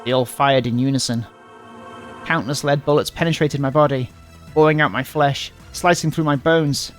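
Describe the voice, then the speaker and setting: A man's voice: mid-range voice, steady tone, moderate pace, soft background music. A man giving a dramatic reading, with joking asides between the lines. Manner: reads in dramatic voices, breaks off for muttered jokes. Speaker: streamer reading a visual novel aloud.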